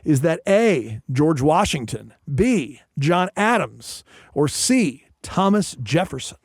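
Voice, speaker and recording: Radio quiz co-host, male, high and animated voice, dry close sound, teasing. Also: no echo. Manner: lively, teasing, quick laughs. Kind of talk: playful radio banter.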